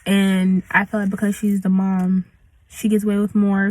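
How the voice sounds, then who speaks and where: A woman's voice: medium pitch, flat delivery, normal speed, a little mellow, dry recording, low-quality recording. A young woman in her late teens venting in a casual storytime rant, slangy and full of likes. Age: young adult. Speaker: vlogger.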